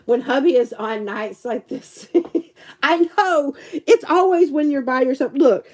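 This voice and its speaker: A woman's voice: high-pitched, measured pace. A woman chatting casually to a live stream audience, giggly and rambling. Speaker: livestream host and teacher.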